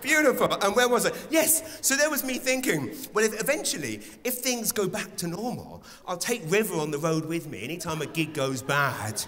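Male stand-up, bright and animated, swears freely, acts out dialogue; theatre reverb, faint crowd. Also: high-pitched, normal speed, few pauses. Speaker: stand-up comedian. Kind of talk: stand-up comedy set. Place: large theatre stage with a live audience.

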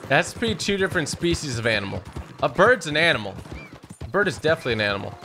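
A young man giving chatty, excitable commentary while he plays a video game, often talking to his horse. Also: fairly high pitch, fast, a little hiss or hum. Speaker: gaming YouTuber. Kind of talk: let's play commentary.

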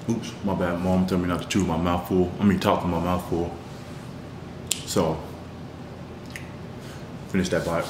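A man's voice: low voice, flat delivery, measured pace, long pauses. Young man, casual slangy student vlogger; echoey, noisy phone audio. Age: young adult. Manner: laid-back, slangy, rambling. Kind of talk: casual vlog chat. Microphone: handheld phone. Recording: echoey phone audio with loud background noise.

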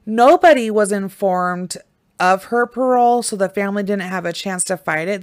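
A woman's voice: mid-range voice, dry recording, studio quality. A young woman hosting a true crime show, talking casually and ranting angrily with lots of swearing. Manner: angry, profane, ranting; mocks people in put-on quoted voices. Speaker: true crime podcast host.

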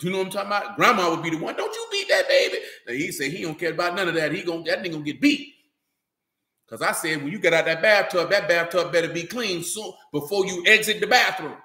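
Man preacher, high and bright, loose street-style delivery, echoey hall. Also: fast. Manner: loose, street-talking, animated, repeats "you know what I'm talking about". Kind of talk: animated sermon.

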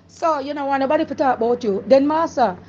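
A woman's voice: high voice, darkish tone, highs cut off, slight background noise. A woman with a Jamaican accent scolds someone emphatically, lecturing in a street commentary.

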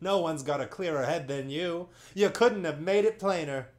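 A man voicing an excited chorus of little one-footed monopods, loud and cheering. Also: fairly high pitch, normal speed, voice pushed up, natural voice.

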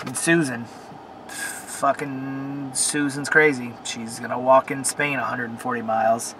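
A young man rants in a casual vlog, swearing freely and trailing off into fillers as he vents. His voice sits at an ordinary middle pitch. A noisy hum of air conditioning and passing traffic runs behind him. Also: flat delivery, measured pace. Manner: frustrated, cursing, rambling with fillers. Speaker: vlogger. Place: in a car at a car wash.

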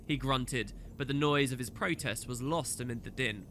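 A man's voice: mid-range voice, moderate pace, few pauses, slight background noise. A man hosting a let's play, chatting upbeat with many fillers and reading a story aloud. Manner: upbeat, loud, filler-heavy. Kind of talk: gameplay commentary and story reading.

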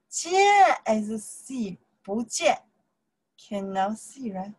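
Slow husky Chinese-accented woman teaching. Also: mid-range voice, darkish tone, poor audio. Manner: explains in simple non-native English, repeating phrases. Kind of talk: language lesson explaining grammar.

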